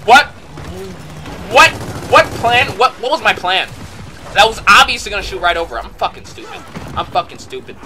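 A high-voiced man talks over his own gameplay, his pitch jumping all over as he curses and yells in bursts. Clear game noise runs under his voice the whole time. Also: normal speed, long pauses. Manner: excitable and profane, bursting into shouts. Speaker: gameplay commentator. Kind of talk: live gameplay commentary.

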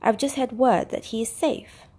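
A woman voicing a kindly, earnest old gentleman in a storybook reading, asking eager questions. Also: fairly high pitch, steady tone, normal speed, slightly rough, voice pushed up. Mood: anxious.

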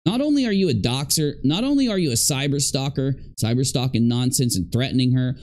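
A man's voice: medium pitch, animated, a little fast, darkish tone. A man giving indignant reaction commentary on video clips, stressing points by repeating them.

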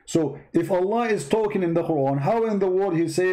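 A man's voice: sits high, brisk, few pauses, warm tone, rough recording. A man from the East, hosting comedic religious commentary in a sarcastic, mock-bewildered way. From Middle East. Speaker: host.

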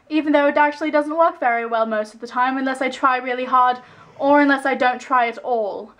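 Young woman, casual home vlogger, chatty and rambling, slips into accents; slightly high voice. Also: fairly even intonation, a little fast. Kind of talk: casual vlog chat. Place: at home indoors.

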